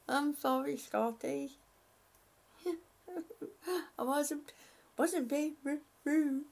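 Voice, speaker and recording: Slow, gravelly-voiced woman streamer. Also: high voice, steady tone, darkish tone. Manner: halting, many restarts, affectionate to chat. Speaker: livestream host. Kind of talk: casual livestream chat with viewers.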